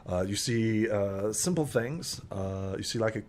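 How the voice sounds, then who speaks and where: A man's voice: lowish voice, animated, a little slow, a little mellow, a little hiss or hum. A man narrating as game master in a tabletop game, rambling with many fillers.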